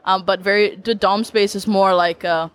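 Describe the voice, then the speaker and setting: A woman's voice: medium pitch, steady tone, moderate pace. A young woman speaking as a podcast guest in casual chat, talking freely with lots of "like" fillers and easy laughter. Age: young adult. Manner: chatty, leans heavily on "like" fillers, laughs easily.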